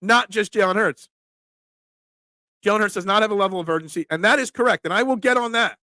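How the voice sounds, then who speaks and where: Fast and emphatic, a man with a high, bright voice hosts a casual football live stream, reading viewer comments out loud and reacting with animation. His sound is close and dry, lacking any room echo.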